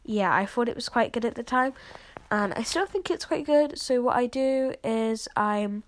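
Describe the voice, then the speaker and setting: A woman's voice: on the high side, animated, moderate pace. A sick, congested woman with a cough, chatting casually and apologetically as she walks viewers through her video editing. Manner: chatty and apologetic, lots of fillers. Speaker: video creator showing her editing process. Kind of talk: casual screen-recording walkthrough.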